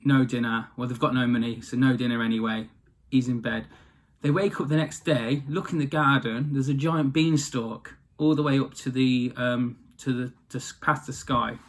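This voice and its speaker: A man tells a fairy tale in a relaxed, rambling way, often correcting himself. His voice sits mid-range and his delivery stays chatty and unpolished. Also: mid-range voice, normal speed. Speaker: storyteller. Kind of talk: casual storytelling.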